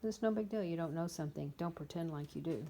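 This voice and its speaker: Blunt, chatty woman in her fifties with a low voice. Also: fast talker, warm tone, a little hiss or hum. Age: 50s. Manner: chatty, blunt, exasperated asides. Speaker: dog breeder. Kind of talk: casual vlog chat. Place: dog kennel.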